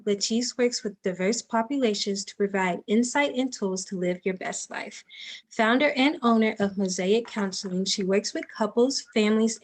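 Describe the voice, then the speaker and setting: A woman presenter reading a formal, upbeat introduction of the next speaker on a video call. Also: mid-range voice.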